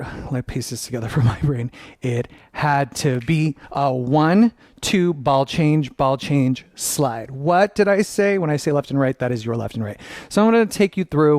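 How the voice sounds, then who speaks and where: A man's voice: medium pitch, no echo, studio quality. A man teaching a dance combination at home, upbeat, counting steps aloud and scatting the rhythm while he moves. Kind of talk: dance tutorial instruction. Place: dancing at home.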